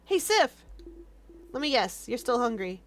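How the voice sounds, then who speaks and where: A woman's voice: on the high side, very animated, a little slow. A woman voicing a cocky, friendly buff young man in a video game, talking in a teasing, boastful way.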